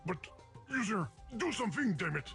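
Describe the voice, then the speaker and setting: An actor voicing an anxious, exasperated talking video game with a foreign accent, pleading and excitable. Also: male voice, high-pitched, moderate pace, gravelly, full character voice. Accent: foreign-accented English. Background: game music.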